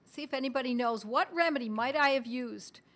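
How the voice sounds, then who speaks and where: A middle-aged woman teaching on a live stream in a chatty way, talking straight to her viewers and reading their comments aloud, with the odd cough and throat clearing. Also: high voice, a little fast, a bit bright. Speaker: homeopathy educator hosting a live stream.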